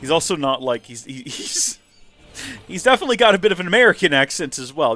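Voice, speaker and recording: A man's voice: a little high, very animated, fast talker, bright, forceful tone. A man hosting a live game stream, chatting and joking about himself as he plays. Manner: chatty, joking, self-deprecating. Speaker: host, gamer.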